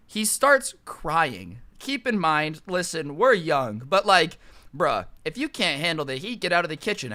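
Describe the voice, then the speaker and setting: A young man from the United States tells a comedic story straight to camera, jumping between sarcastic jabs and quick asides. His voice sits a little high and sounds bright and forceful. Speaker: storytime YouTuber.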